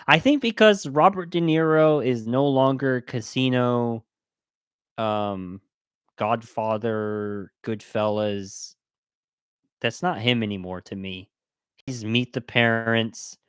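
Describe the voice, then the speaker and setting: A man's voice: medium pitch, no room sound. Emphatic man ranting, dry close sound. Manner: animated and emphatic, voice rising when worked up; talks in loose restarts and rhetorical questions. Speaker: podcast co-host. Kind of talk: casual opinion talk.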